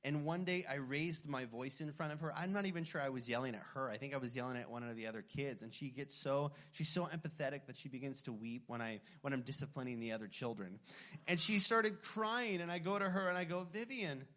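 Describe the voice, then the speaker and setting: A man in his thirties preaching a sermon as pastor, earnest and emphatic, slowing down to stress key phrases. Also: mid-range voice, fairly bright tone.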